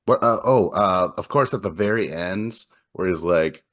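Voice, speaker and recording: Slow, low-voiced man hosting a podcast. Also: fairly bright tone. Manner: laughs often, swears casually. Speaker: podcast host. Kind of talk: casual chat about movies.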